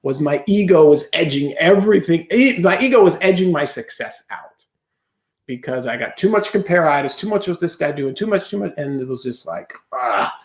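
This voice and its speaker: Man, high voice, roomy echo, animated storyteller, podcast guest, quick bursts, rhetorical questions. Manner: animated storyteller who acts out his own past thoughts; fast bursts with rhetorical "right?" check-ins. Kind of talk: casual interview chat.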